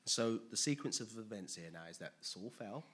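A man preaching a sermon, emphatic and animated, asking his listeners rhetorical questions. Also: fairly low pitch, normal speed, slightly rough.

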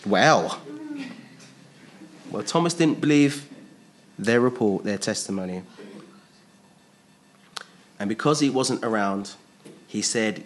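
A man's voice: on the low side, lively intonation, slow pace, pauses often, slight background noise. A man preaching a sermon. He is emphatic, repeats his phrases and asks his listeners rhetorical questions.

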